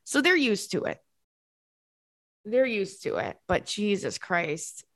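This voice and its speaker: A woman's voice: takes it slowly, dry recording. Chatty young woman podcast host, dry close mic. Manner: animated, bursts into high laughter and squeals. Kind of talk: casual podcast chat with ad reads.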